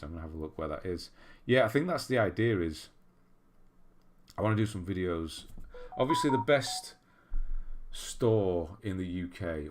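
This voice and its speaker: A deep-voiced Englishman hosts a livestream, chatting casually as he reads viewer messages out loud and laughs at himself. There's slight background noise.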